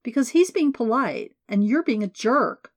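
A woman's voice: fairly high pitch, sing-song, moderate pace, pitched above the performer's own voice. Woman voicing a curt, guarded young woman.

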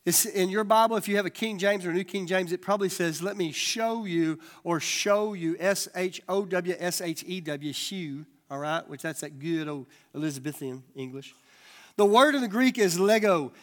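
A male pastor preaching a sermon, animated and folksy, with quick asides. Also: high-pitched.

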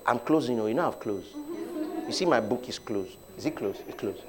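A man's voice: mid-range voice, expressive, normal speed, music in the background. A man preaching a sermon as pastor, leading the congregation in call-and-response declarations.

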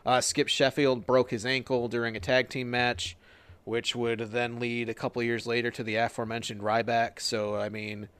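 A man's voice: mid-range voice, flat delivery, normal speed, a bit bright, clear, resonant tone, dry recording. A man recapping wrestling in casual podcast chat, joking and swearing as he retells matches. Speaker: podcast co-host.

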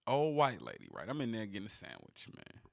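A man's voice: on the low side, huge pitch swings, brisk, creaky, dry recording, clean studio sound. A man in casual chat, telling stories animatedly and swearing freely as a podcast co-host.

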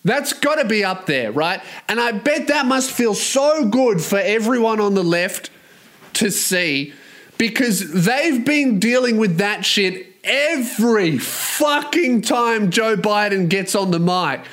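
A man's voice: sits high, expressive, slow, a bit bright. A man hosting a solo podcast, ranting in a profane, mocking and rambling way. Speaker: podcast host.

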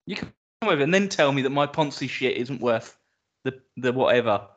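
A man's voice: medium pitch, lively intonation, a little fast, highs cut off. Dry, teasing man. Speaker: podcast co-host. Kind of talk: casual chat.

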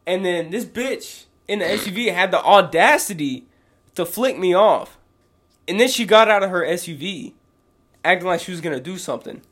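A young man, co-host of a podcast, telling stories in an animated, profane, slang-heavy casual chat. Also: sits high, normal speed.

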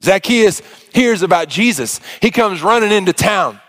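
A man preaching a sermon, retelling a Bible story in a conversational way, often dropping soft and low. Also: lively intonation, moderate pace.

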